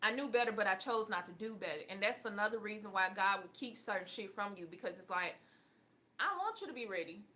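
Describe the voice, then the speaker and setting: A woman doing a casual spiritual reading on a live stream, preachy, profane and quick to laugh. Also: medium pitch, animated, sharp tone. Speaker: online spiritual reader.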